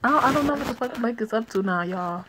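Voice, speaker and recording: A woman's voice: a little high, animated, quick pace, very noisy. A woman giving crude, mocking comic commentary with lots of swearing. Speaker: storyteller.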